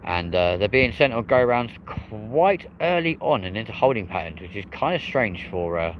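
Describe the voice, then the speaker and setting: A man hosts a live aviation stream outdoors beside a runway, chatting casually with viewers, reading their comments aloud and calling them "mate" and "folks." His voice is fairly low with big pitch swings at a moderate pace, and the recording is muffled.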